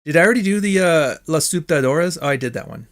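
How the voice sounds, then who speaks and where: A man's voice: on the high side, lively intonation, fast talker, fairly bright tone. A Canadian man hosting a livestream, talking in a blunt, rambling way and swearing freely. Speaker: stream host. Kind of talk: casual livestream commentary.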